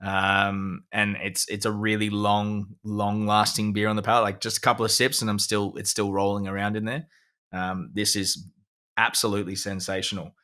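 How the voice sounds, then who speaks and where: A man's voice: on the low side, little pitch movement, moderate pace, sharp tone. A man, co-hosting a podcast and chatting casually while reviewing a beer with enthusiasm. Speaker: podcast co-host. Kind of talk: casual chat.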